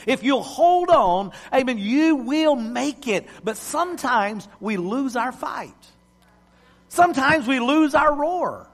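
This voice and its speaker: Preacher guy, high lively voice going loud then soft, big hall echo. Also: slow pace. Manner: preacher's cadence, swinging from loud to hushed. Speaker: pastor. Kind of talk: sermon. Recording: long hall reverb.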